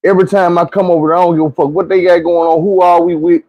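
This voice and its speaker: A man telling a long, profane, slang-heavy story from his youth in a lively, animated way. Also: high voice, fast, vocal fry, no echo. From Arkansas. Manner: animated, slangy, acts out quoted friends.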